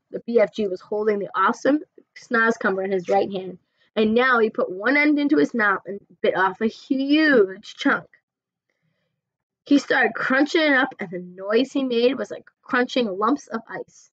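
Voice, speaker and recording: A woman teacher reading a children's book aloud with expressive storytelling. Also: medium pitch, normal speed, no room sound, muffled recording. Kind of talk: storybook read-aloud narration.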